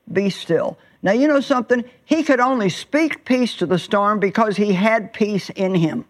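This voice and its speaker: A woman preaching a sermon, telling stories emphatically and stretching words for effect. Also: mid-range voice. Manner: emphatic storytelling with drawn-out words and sudden swells.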